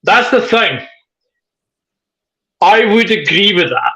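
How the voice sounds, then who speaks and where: A man's voice: sits high, very animated, slow pace, sharp tone, husky, low-quality recording. A man hosting a live football chat stream, reading viewer comments aloud in a chatty way. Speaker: host.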